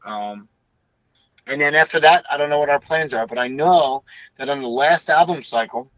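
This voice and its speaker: A man's voice: on the high side, normal speed, a bit bright, no room sound, highs cut off. A young man chatting casually as an interview guest, rambling and swearing freely. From United States. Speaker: guest bassist.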